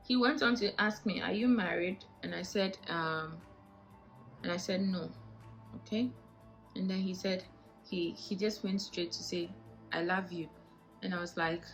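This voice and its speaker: A young Ghanaian woman vlogs to her camera with a bright, forceful voice and a clear Ghanaian English accent. She is animated and indignant, with lots of rhetorical questions. Faint music plays under her. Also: medium pitch, low-quality recording. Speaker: vlogger. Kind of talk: casual vlog monologue.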